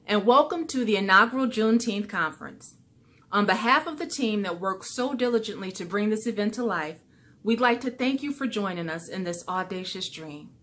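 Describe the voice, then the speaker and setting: A woman reads a smooth, scripted welcome address as event host. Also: mid-range voice, a bit bright.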